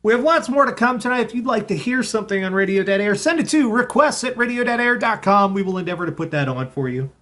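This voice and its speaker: A man's voice: high voice, animated, fast talker, hardly any pauses. A man hosting a live radio show, chatting casually and now and then cooing to his cat. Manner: chatty, talks to his cat in a soft baby voice.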